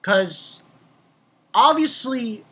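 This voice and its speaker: Excitable young guy rambling thru a chapter review, lots of swearing, pitch all over the place, kinda breathy. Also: extremely slow. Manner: rambling, excitable, swears freely, laughs at own jokes. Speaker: manga reviewer.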